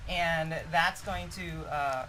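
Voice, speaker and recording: A man's voice: fairly high pitch, fairly even intonation, slow, sharp tone, a little hiss or hum, low-quality recording. A man co-hosting a live game stream, casually explaining game rules while he plays. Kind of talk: live gameplay commentary.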